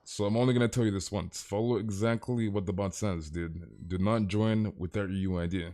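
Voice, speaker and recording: A man's voice: lowish voice, steady tone, fairly quick, dark tone. A young man streaming a game and chatting casually with viewers, rambling and tossing in "dude" and amused exclamations. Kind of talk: casual live-stream chat.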